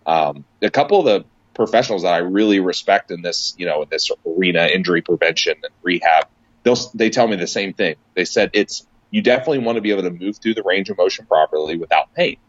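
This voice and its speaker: Deep voiced guy rambling on a podcast, lots of restarts, dry dull sound. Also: expressive, quick pace, dry recording. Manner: rambling, emphatic, many restarts. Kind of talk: casual podcast chat.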